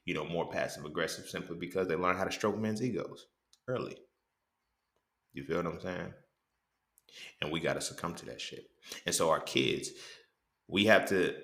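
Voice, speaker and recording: On the low side, pushed and bright, a man's voice carries a casual, profane monologue. The host is blunt and repeatedly asks the listener "you feel what I'm saying?"; the recording has a roomy echo.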